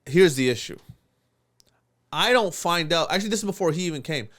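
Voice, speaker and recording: A man's voice: fairly high pitch, brisk. A young man on a podcast, telling a long story in casual chat, swearing a lot and laughing as he goes. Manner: animated storyteller, swears often, laughs through lines. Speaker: podcast co-host.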